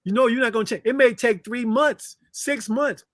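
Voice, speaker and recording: A man's voice: very high voice, normal speed, a bit bright, dry recording, clean studio sound. A man, a relationship coach appearing as a guest, talking in an earnest, emphatic way and often repeating words. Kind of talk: casual chat.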